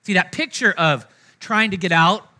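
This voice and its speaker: A bright, piercing tone rides on this man's fairly high voice. He preaches a conversational sermon, tossing quick "right?" asides to the congregation. He moves between loud, animated lines and soft, hushed ones. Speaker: pastor.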